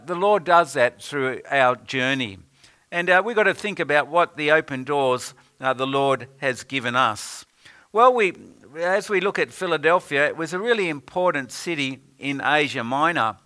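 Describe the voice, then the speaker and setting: A man delivering a sermon at an unhurried pace, pausing often with hesitant fillers. His voice sits a little high and rings bright and forceful. He quotes scripture in old-fashioned wording. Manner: unhurried, many "uh" pauses, quotes scripture in King James wording. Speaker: preacher.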